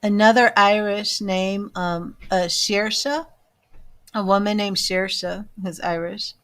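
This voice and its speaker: Calling out names for her live-stream audience, this psychic medium reads in a mid-range voice with fairly steady intonation, taking her time. She's talkative and amused at herself, with the occasional quiet, murmured aside.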